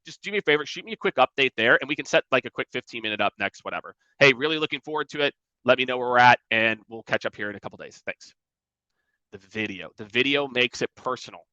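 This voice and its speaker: A man giving energetic sales coaching in a conversational way, often acting out emails and calls in mocking voices. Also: mid-range voice, fast, no echo, highs cut off. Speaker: sales trainer.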